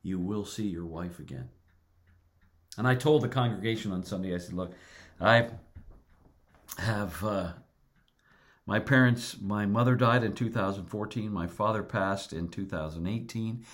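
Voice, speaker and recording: A middle-aged male pastor preaching a sermon, earnest and deliberate, repeating words for emphasis. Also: on the low side, fairly bright tone.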